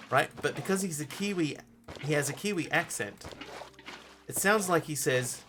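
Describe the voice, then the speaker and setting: Male streamer, mid-range voice, chats and rambles over soft game music. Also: medium pitch, a little slow, long pauses. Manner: rambling, chatty, many ums and restarts. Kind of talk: casual live-stream chat while playing.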